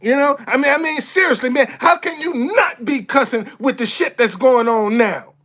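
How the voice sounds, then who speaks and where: A man venting straight into his camera in a blunt, foul-mouthed rant. He hammers the same phrases again and again and trips over quick restarts when heated. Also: extremely high pitch, fairly bright tone. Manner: blunt, profane, repeats himself for emphasis; stammers and restarts when fired up. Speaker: vlogger. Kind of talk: impassioned monologue to camera.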